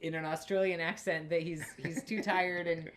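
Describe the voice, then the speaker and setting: A woman co-hosting a film review chat, animated, often laughing and acting out lines from the movie. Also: on the low side, moderate pace, slight background noise. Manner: animated, laughing, acts out quotes. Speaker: co-host of a movie review show. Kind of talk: casual chat.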